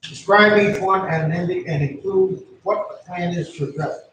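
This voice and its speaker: Plainspoken male board member with a slightly high voice, recorded from across a reverberant room. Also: normal speed, fairly bright tone. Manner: plainspoken, reads questions aloud then gives opinions. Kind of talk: casual meeting discussion. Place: town meeting room. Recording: very echoey room, distant mic, faint noise.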